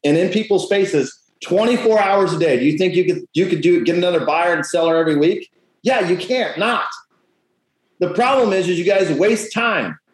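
A man coaching real estate agents in a blunt, profane, punchy motivational talk. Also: sits high. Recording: echoey room.

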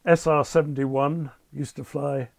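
A man's voice: fairly high pitch, level tone, measured pace, creaky, no echo. An older man, a former airline captain telling anecdotes with dry understatement and acting out the people he quotes. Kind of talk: anecdotal storytelling in conversation.

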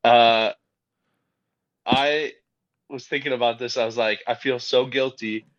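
A man's voice: mid-range voice, steady tone, measured pace, a bit bright. A man co-hosting a casual podcast, laid-back and laughing along. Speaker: podcast co-host. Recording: dull lo-fi sound.

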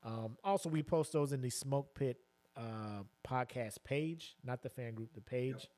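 A man's voice: mid-range voice, a little slow, a little mellow. A man co-hosting a casual podcast, joking, swearing freely and laughing often. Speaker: podcast co-host.

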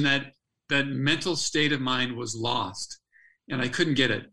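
A man's voice: medium pitch, unhurried, vocal fry, pushed and bright, rough recording. An older man, a former athlete turned speaker, earnestly telling a personal story as a podcast guest, restarting his phrases as he goes.

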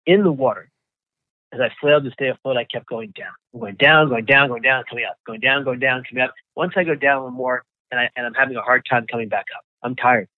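A man recounts his own survival story as an interview guest, often halting and repeating words. His voice comes through a thin, phone-like line. The sound is dry and close, with no room around it. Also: medium pitch, no room sound.

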